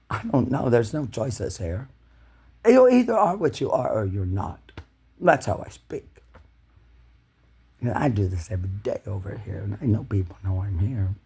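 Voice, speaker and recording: A man delivering an angry, swearing monologue to camera, ranting with loud shouted bursts. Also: lowish voice, slightly rough. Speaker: video blogger.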